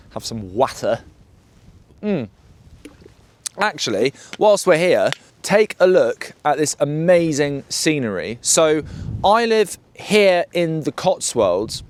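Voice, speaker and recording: A British man chatting to camera about his motorbike, jokey and full of slang and banter. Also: fairly high pitch. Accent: British English. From United Kingdom. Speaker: motorbike vlogger. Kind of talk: casual chat to camera.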